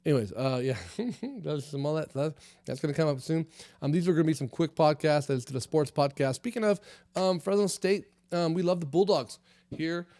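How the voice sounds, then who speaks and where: A man's voice: on the high side, normal speed, mellow, no echo. A man hosting a comedy podcast, rambling through the news with lots of fillers and swearing. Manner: rambling and profane, many fillers. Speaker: podcast host. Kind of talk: casual comedy podcast monologue.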